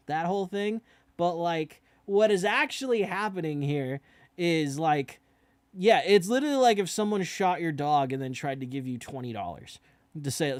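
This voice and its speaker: A man's voice: a little high, animated, normal speed, no room sound. A young man talking casually as he reacts to a musical, swearing now and then and often asking "you know what I mean?". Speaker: reaction video host.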